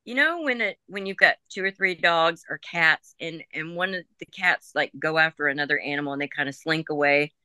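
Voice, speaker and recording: A woman leading a psychic reading talks in an easy, chatty way, laughing often and relaying what she hears. Her voice is bright and forward. The recording is close and dry. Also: low-pitched, brisk, few pauses, clear, resonant tone, no room sound. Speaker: psychic medium. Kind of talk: group reading session.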